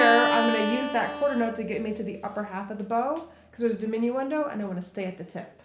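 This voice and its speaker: Viola teacher lady, kinda high voice, walks you through bowing, echoey room with fiddle playing. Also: fast talker, over loud music. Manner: step-by-step coaching, talking through bowing while playing. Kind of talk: instrument tutorial.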